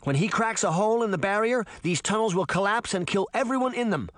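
A man's voice: high-pitched, lively intonation, fast talker, a bit bright, no echo, clean studio sound, voice pushed up. A man voicing a frightened but brave young girl in an audiobook, urgent and pleading.

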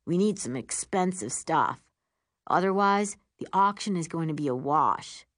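A woman reading an audiobook, voicing a blunt, practical schoolboy who speaks firmly and slowly. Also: fairly low pitch, animated, dry recording, studio quality. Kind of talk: audiobook character voice.

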